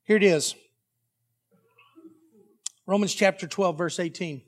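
A man's voice: sits high, slow. A man preaching a sermon as pastor, telling a story animatedly and acting out the dialogue.

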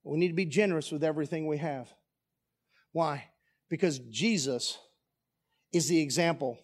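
High-voiced pastor preaching emphatically. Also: male voice, normal speed. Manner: emphatic, rhetorical questions to the congregation. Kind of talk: sermon. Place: church sanctuary.

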